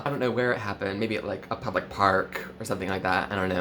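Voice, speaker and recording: A man in his twenties doing a mock-earnest parody vlog, full of valley-girl fillers and sudden swoops in pitch. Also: fast talker, few pauses, a bit bright, a little hiss or hum. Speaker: comedy vlogger.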